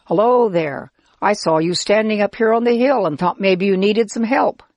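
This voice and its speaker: A woman's voice: mid-range voice, normal speed, darkish tone, dry recording, voice pushed up, natural voice. A woman voicing a friendly, helpful Israelite man who cheerfully explains camp life in a children's story. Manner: kindly, cheerful, explaining patiently.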